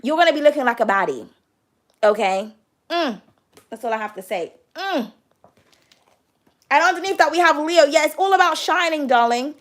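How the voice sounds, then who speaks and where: A woman's voice: high-pitched, expressive, moderate pace, long pauses. A young woman giving a casual tarot reading. She chats freely, keeps calling the listener "darling" and swears without holding back. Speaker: tarot card reader.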